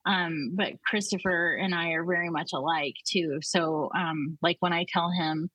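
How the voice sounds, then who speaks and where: A woman's voice: on the low side, fairly even intonation, measured pace, a bit bright, dry recording, muffled recording. A woman in her fifties, a comedian guest, telling stories in a casual chat, blunt and profane.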